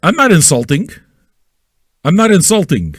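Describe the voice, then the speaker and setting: Male pirate-radio host, fairly high and very animated, loud and crude, dry close sound. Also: moderate pace, breathy edge, no echo. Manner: loud, manic and crude, with yelling and repetition; talks straight at listeners with repeated questions. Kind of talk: profane ranting monologue.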